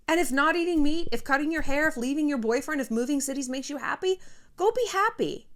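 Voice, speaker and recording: Brash woman vlogger, fairly high, swoops a lot, swears freely, pep-talk delivery. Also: animated, fairly quick. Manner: blunt and profane, pep-talk tone. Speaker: YouTube host. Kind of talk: casual motivational talk to camera.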